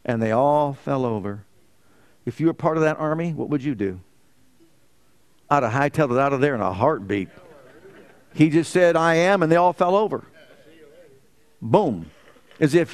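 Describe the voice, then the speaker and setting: A man's voice: on the high side, big pitch swings, normal speed, pauses often. A male pastor preaching a fervent sermon full of rhetorical questions and exclamations.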